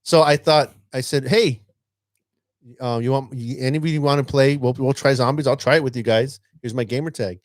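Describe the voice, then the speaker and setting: A man's voice: medium pitch, moderate pace, no echo. A man who teaches, telling a story on a casual podcast and acting out his student's lines. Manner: animated, acts out a student's lines.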